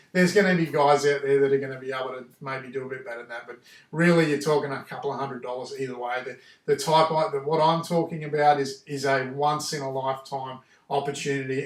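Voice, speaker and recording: A man's voice: fairly high pitch, recorded from a distance. Rambling man in an echoey room. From Australia. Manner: rambling, repeats and restarts himself. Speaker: house painter telling a story. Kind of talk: casual storytelling monologue. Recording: echoey room, voice away from the mic.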